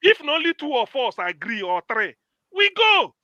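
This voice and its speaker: A Nigerian man arguing in a heated political debate, loud and emphatic, slipping into pidgin. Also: high-pitched, very animated, normal speed, lo-fi sound, over a noisy crowd. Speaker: panel guest.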